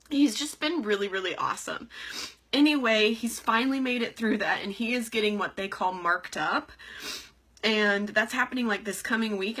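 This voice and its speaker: Bright-voiced young woman chatting casually. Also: medium pitch. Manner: rambling, leans heavily on "like" and "you know". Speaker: live-stream vlogger. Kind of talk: casual heartfelt chat. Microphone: computer webcam on a live stream.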